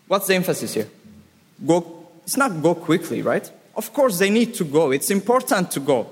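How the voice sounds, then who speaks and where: Male preacher, unhurried sermon delivery, slightly high voice, long hall reverb. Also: sing-song, breathy edge. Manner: slow, emphatic, repeats key words.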